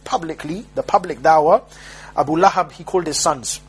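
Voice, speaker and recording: Man, sermon, emphatic street-style preaching, frequent restarts, fairly high voice. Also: brisk, slight background noise, rough recording.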